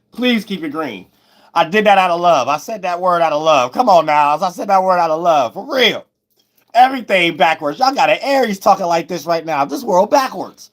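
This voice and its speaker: A man talks in a loose, preachy, repetitive stream about spirit and the stars. His voice sits a little high, and it keeps leaping up into loud, cracking shouts before dropping back to a low mutter. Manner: loose, preachy, repeats "you know what I'm saying", bursts into loud high shouts. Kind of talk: rambling spiritual monologue.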